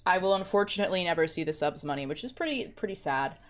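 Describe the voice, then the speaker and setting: Close to her desk mic at home, a woman with a lowish voice talks fast and animatedly during a casual gaming stream. She rambles and jokes, often at her own expense.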